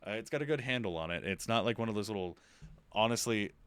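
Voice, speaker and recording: A man's voice: fairly low pitch, expressive, fast, fairly bright tone, clear, resonant tone, no room sound. A young man streaming a game, chatting casually and rambling while he plays. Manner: rambling, chatty, self-interrupting. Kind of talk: casual live-stream chat.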